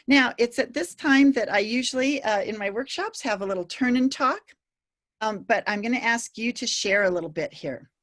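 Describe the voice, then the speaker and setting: A woman's voice: on the high side, normal speed. A woman presenting a teacher-training workshop, explaining with frequent fillers and restarts, voicing students animatedly. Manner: lively, animated when quoting students.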